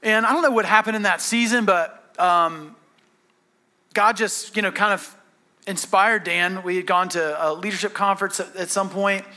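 A man's voice: high-pitched, fairly even intonation, normal speed, sharp tone. A man preaching a sermon, telling stories in a conversational way with frequent restarts. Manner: conversational storytelling with many restarts. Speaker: pastor.

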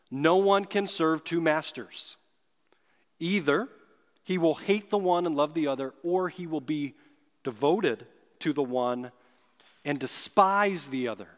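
A man preaching a sermon as pastor, earnest and emphatic, slowing down to stress key words. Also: high-pitched, a bit bright. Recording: long hall reverb.

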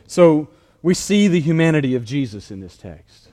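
A man preaching a sermon. He swells in emphasis, then drops quiet, and adds casual asides. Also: on the high side, very animated, moderate pace. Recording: long hall reverb.

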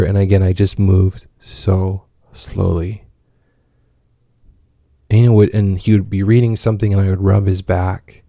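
A man's voice: fairly low pitch, creaky, warm tone, no echo, studio quality. A man in his thirties, a father of five, talking casually about raising kids, with lots of fillers and restarts. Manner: rambling, with many fillers and restarts. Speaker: father of five giving parenting advice. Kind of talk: casual monologue.

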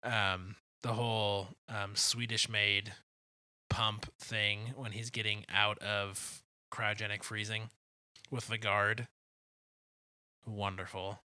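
Lowish bright-voiced man, chatty and laughing. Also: little pitch movement, slow, dry recording. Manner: laughs often, acts out movie quotes in high silly voices. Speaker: podcast co-host. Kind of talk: casual movie chat.

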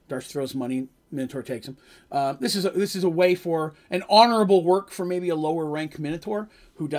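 A man casually telling an improvised fantasy story, rambling and chatty with asides. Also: on the high side.

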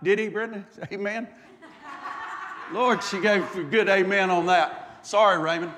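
A man's voice: high-pitched, fairly even intonation, unhurried, bright, forceful tone, big-room sound. A man, a pastor preaching a sermon in a church, impassioned, stacking repeated phrases and stumbling through restarts.

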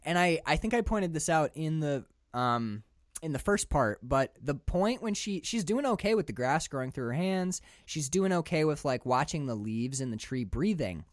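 A man co-hosting a podcast, chatting casually about a film, animated and laughing often as he acts out scenes. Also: on the high side, moderate pace, dry recording, studio quality. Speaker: podcast co-host.

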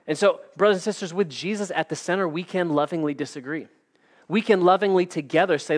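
An earnest male pastor delivers a sermon, stressing his points with emphatic, measured phrasing. His voice sits somewhat high for a man, and he drifts easily into practical asides.

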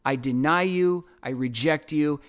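A man voicing an anguished, devout man who shouts and pleads desperately at God. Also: on the high side, a little slow, clean tone, natural voice. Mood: raging.

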